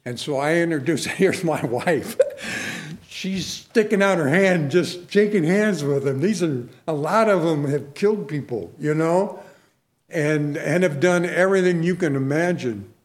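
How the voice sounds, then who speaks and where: A man with a fairly high voice preaching in a fervent, folksy way. He moves between homespun stories and punchy exhortations, then eases into a closing prayer. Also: measured pace. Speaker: Christian minister.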